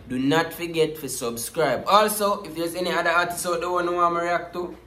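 A man's voice: on the high side, brisk, bright, forceful tone. A man hosting a reaction video, talking casually to his viewers in a preachy way and often circling back with "you see me, I say.". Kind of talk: casual commentary to camera. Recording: roomy echo.

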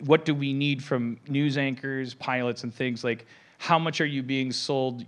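A man in his forties hosting a podcast, rambling through casual comedic chat and breaking into loud, shouting impressions. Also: medium pitch, fairly even intonation, unhurried. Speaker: podcast host.

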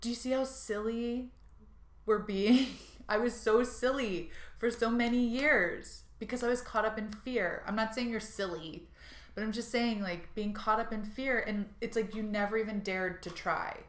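A woman does an intuitive tarot card reading for her viewers, gushing and bubbly, with frequent laughs and fillers. Her voice is a little high and her pace moderate. The recording has a roomy echo.

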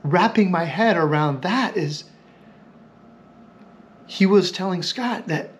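A man hosting a podcast, telling a story in a reflective, halting way and repeating phrases as he thinks aloud. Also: high-pitched, a little hiss or hum. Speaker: podcast host.

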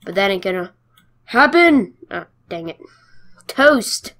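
A woman giving casual gameplay commentary, playful and excitable, cheering her wins and taunting the other players. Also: medium pitch, slow.

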